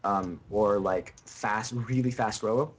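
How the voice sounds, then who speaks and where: A man's voice: lowish voice, measured pace. Young male co-caster, loose and rambling, over a hissy stream feed with clicks. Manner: rambling, restarts sentences, giggly. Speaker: esports co-caster. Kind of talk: casual game commentary. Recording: noisy stream audio with clicks.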